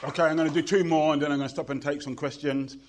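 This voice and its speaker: A man's voice: a little high, steady tone, rapid-fire, background noise. A middle-aged British man performing poetry to a live audience, with a rhythmic chanting delivery and playful banter with the crowd. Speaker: performance poet.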